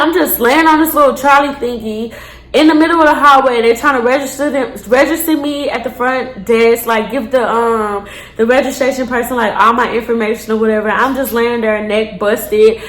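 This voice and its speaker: A young woman with a slightly high voice tells a story straight to her viewers, animated and blunt. She swears freely and throws in slangy asides. The room gives her voice a noticeable echo. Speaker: storytime vlogger. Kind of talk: casual storytime monologue. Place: indoors, seated on a chair.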